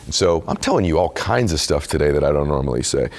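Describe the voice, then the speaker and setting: A middle-aged man with a very deep, low voice speaks candidly in an interview. He tells a personal story in an earnest, confessional way, leaning into the emotional moments. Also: sing-song, fast talker. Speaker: podcast host and author being interviewed.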